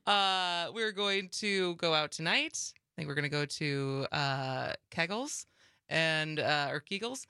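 A woman's voice: low-pitched, fairly even intonation, slow, hardly any pauses, pushed and bright, smooth, no echo, studio quality. A young woman co-hosting a casual talk show, chatty with many fillers and frequent laughs. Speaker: radio co-host.

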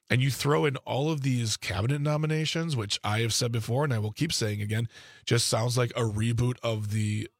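A man's voice: mid-range voice, no room sound, clean studio sound. A man discussing politics in a casual back-and-forth with a co-host, talking conversationally with frequent restarts and asides. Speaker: political commentator.

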